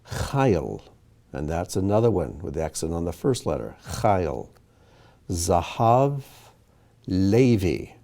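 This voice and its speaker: A man leads a Hebrew reading lesson at an unhurried pace, pausing on each word before he explains it. His low, mellow voice rises and falls a great deal as he teaches with patience. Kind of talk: reading lesson, slow careful pronunciation.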